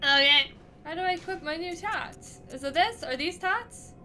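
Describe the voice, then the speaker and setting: A young woman plays through a game for her viewers, cursing, yelping and laughing as it goes. Her voice sits high and bright, and she takes her time with the words. Faint game music runs behind her. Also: unhurried. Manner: profane, excitable, laughs and yells at the game. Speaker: gaming streamer. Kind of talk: casual let's-play commentary.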